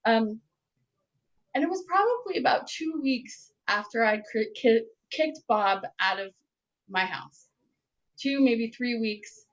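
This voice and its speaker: A woman's voice: a little high, animated, slow pace, lo-fi sound. A woman telling a personal story in a candid, rambling way, often correcting herself with fillers.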